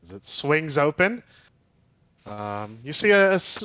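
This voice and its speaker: A man narrating as game master of a tabletop game, halting with many fillers and restarts. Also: fairly high pitch, big pitch swings, sharp tone, clear, resonant tone, no echo, muffled recording.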